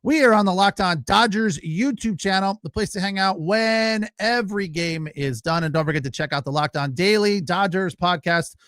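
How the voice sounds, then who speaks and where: A man's voice: high voice, normal speed, hardly any pauses, fairly bright tone, no echo, studio quality. A man hosting a casual sports podcast, ranting loosely with fillers, restarts and the odd swear word. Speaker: podcast host.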